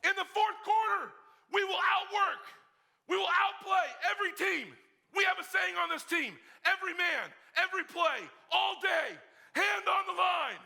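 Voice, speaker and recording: Fired-up college football captains roar a team chant in high, strained shouts as a preacher plays them. The voice is sharp and very forceful. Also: male voice, expressive, a little slow, creaky, exaggerated voice.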